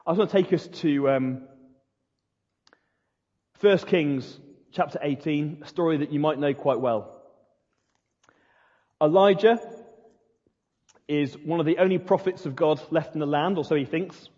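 High-voiced male preacher in a reverberant hall. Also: a little slow, long pauses, dark tone. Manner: earnest, emphatic storytelling preacher. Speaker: pastor. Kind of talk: sermon. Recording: dull lo-fi recording in a reverberant hall.

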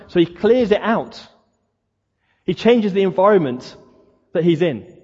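Man, sermon, higher voice, husky, rhetorical questions. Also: a little mellow. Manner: conversational preaching, rhetorical questions. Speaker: preacher. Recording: dull lo-fi sound, long hall reverb.

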